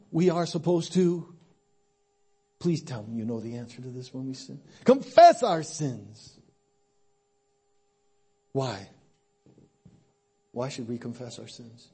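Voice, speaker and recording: Male preacher, husky voice, lively slightly high pitch, conversational sermon that drops quiet then builds to emphasis. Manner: conversational, swings between hushed and emphatic. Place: church.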